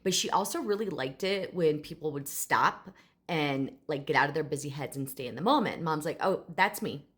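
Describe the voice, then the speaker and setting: A woman animal communicator telling a story in a casual, chatty way. She speaks with enthusiasm and leans on fillers like "like" and "um". Her voice sits low. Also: a little fast, fairly bright tone.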